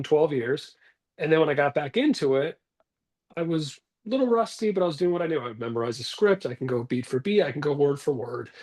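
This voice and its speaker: Guy in his 40s rambling about acting, self-deprecating, mid-pitched, on a video call from his bathroom. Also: darkish tone. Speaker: actor guest. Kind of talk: casual interview talk.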